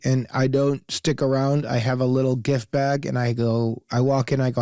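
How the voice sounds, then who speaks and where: A man co-hosting a comedy podcast, teasing and joking through the banter in a middle-pitched voice. The sound is dry and close. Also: fairly even intonation, moderate pace, few pauses, a little mellow, smooth, dry recording. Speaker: podcast co-host.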